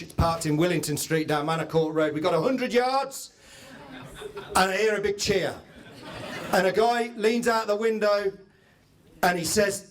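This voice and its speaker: A man's voice: high-pitched, moderate pace. A man hosting a live event, telling comic stories to an audience and interviewing guests. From England. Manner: chatty, comic storyteller. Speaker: event host. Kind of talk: stage storytelling to an audience.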